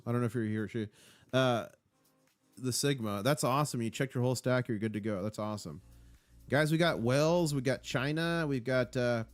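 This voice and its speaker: A man with a medium-pitched voice hosts a casual live stream on a dry recording. He reads viewer comments aloud in an upbeat, rambling way, full of fillers and restarts.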